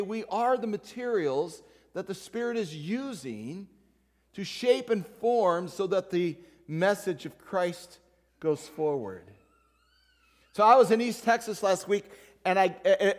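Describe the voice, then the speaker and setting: A man preaching a sermon as pastor, in a conversational style, joking with and addressing members of the congregation by name. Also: high-pitched. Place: church sanctuary. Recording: long hall reverb.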